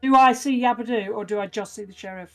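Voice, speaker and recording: A woman playing a tabletop horror game, quietly checking details of the scene. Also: on the high side, fast. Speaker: player. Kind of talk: casual tabletop play.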